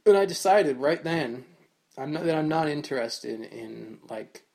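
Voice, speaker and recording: A man's voice: fairly high pitch, measured pace, vocal fry, a little mellow. A man hosting his own podcast, rambling casually and self-mockingly through a solo intro with loose swearing. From New Jersey. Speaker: podcast host.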